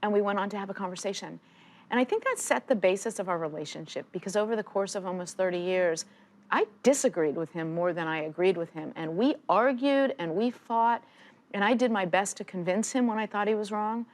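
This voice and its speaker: A woman's voice: mid-range voice, brisk. A woman in her sixties, an interview guest telling stories emphatically in a strong, not dainty voice. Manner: emphatic, forceful, animated storyteller. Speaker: guest, football analyst. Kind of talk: conversational interview storytelling. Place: studio.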